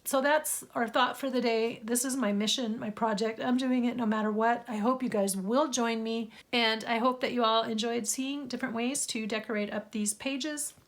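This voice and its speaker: A woman hosting a craft journal vlog, speaking in an earnest, slow and heartfelt way and reading a scripture passage. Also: a little high, steady tone, slight background noise.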